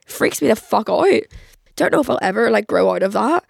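A 21-year-old woman with a cold, chatting in a rambling solo podcast monologue full of "like", her voice croaky. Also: a little high, animated, brisk, darkish tone, no room sound, studio quality. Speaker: podcast host. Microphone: podcast microphone.

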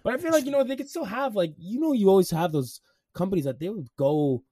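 A man's voice: sits high, animated, quick pace, mellow, no room sound, clean studio sound. A man from Canada, a podcast co-host, chatting in a laid-back, slangy way that tends to trail off. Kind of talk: casual podcast chat.

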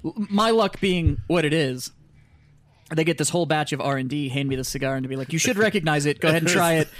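A man's voice: a little high, fast talker, no echo. A man on a podcast telling stories in casual chat, swearing freely and acting out what people said. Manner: profane, storytelling, acts out quoted dialogue. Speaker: podcast co-host.

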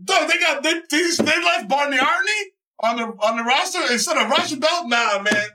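Excitable high-voiced man from the Bronx. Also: brisk, hardly any pauses, reverberant, distant mic. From the Bronx, New York. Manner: excitable, profane, acts out quotes with shouts. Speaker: guest. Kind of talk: animated casual storytelling.

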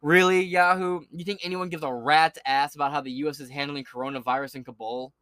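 A man's voice: fairly high pitch, steady tone, brisk, no echo. A male podcast host reading news aloud and breaking off into sarcastic, profane rants. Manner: sarcastic, swears often, shouts in bursts. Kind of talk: profane political commentary.

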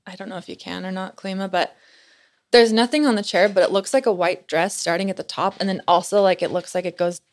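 A woman's voice: medium pitch, quick pace. A young woman telling a personal story in a casual chat, peppering her talk with "like" and retelling scenes with animation. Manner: chatty, heavy use of "like", animated retelling.

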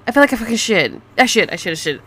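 A woman's voice: fairly high pitch, sing-song, very fast, fairly bright tone, breathy edge. A woman in her thirties ranting casually to camera, sarcastic and swearing freely, with bits of Spanish slang. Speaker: vlogger.

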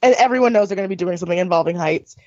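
A woman's voice: fairly low pitch, rapid-fire, darkish tone, no echo, dull audio. A young woman co-hosting a podcast, chatty and full of "like", often mimicking the people she talks about. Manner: chatty, lots of "like", mock-imitating people. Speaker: podcast co-host. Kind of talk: casual chat recapping a TV show.

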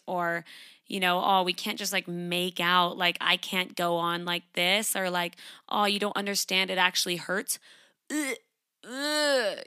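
A young adult woman hosting a solo podcast, talking frankly and emphatically and putting on lively voices when she quotes people. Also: medium pitch, no echo, studio quality. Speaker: podcast host. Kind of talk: casual solo podcast talk.

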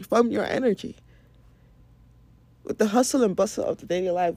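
Woman from Nigeria, podcast host, casual profane wellness talk, gravelly fry, dry close sound. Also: medium pitch, dry recording. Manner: frank and profane, laughs often. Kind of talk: casual spiritual wellness monologue.

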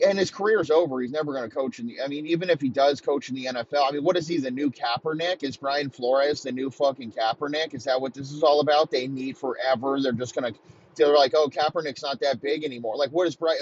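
A man in his thirties delivering a heated, profane comedic rant, talking in rapid-fire bursts. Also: on the high side, dull audio, slight background noise. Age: 30s.

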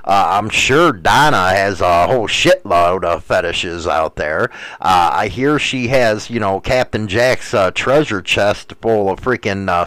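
A man hosts a loose, profane chat, stumbling through "uh"s as he riffs on viewer questions. His voice leaps up and down in pitch as he works himself into rants. The sound is dry, with almost no room echo. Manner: crude, profane, full of "uh" fillers; rowdy, swings into loud rants. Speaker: host answering viewer questions. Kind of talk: casual rambling chat.

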